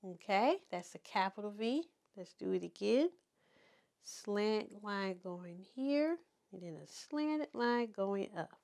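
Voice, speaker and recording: A woman teaching toddlers to write letters in a slow, encouraging preschool circle-time manner. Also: mid-range voice, lively intonation, creaky, a little mellow. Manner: slow, sing-song and encouraging, speaking to toddlers. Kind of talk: children's circle-time lesson.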